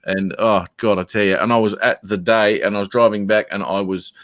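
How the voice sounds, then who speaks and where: An Australian man with a lowish voice rambles through a casual video call, laughing often and throwing in plenty of slang. The sound is dry and close, with no room around it. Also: steady tone, fairly quick, a bit bright, no echo. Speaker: guest on a live chat stream. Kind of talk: casual chat.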